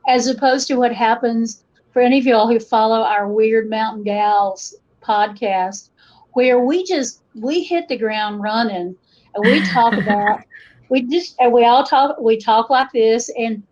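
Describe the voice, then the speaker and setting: Middle-aged Appalachian woman, folklorist guest, raised pitch, lo-fi recording, animated storyteller. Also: measured pace. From western North Carolina. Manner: animated, acts out quoted voices, frequent restarts. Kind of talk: conversational interview storytelling.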